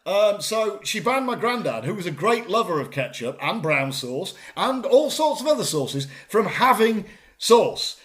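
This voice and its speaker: A man, co-hosting a comedy podcast, excitable and animated, often stumbling over repeated words. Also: sits high, moderate pace, hardly any pauses. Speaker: co-host.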